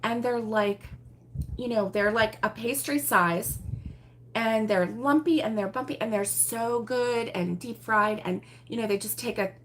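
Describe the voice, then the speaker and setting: A woman's voice: fairly high pitch, a little slow, a little hiss or hum. A woman hosting a casual livestream at home, chatting with viewers in a chatty, exclamatory way and laughing often. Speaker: host of a crochet livestream. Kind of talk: casual livestream chat answering viewer comments. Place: at home with her husband nearby.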